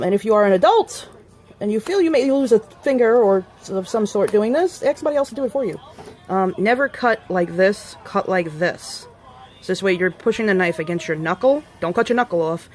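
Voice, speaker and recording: A woman vlogging a casual hands-on demonstration, chatting and rambling to viewers as she works, with playful warnings and quick asides. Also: medium pitch, lively intonation, a little mellow. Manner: chatty and rambling, talks to viewers while working.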